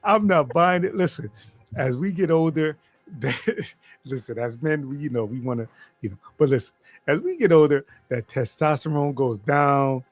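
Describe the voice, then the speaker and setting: A man's voice: a little high, lively intonation, moderate pace, no echo. A middle-aged man hosting a casual live-stream interview, playful and teasing, laughing often as he presses his guest. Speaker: host.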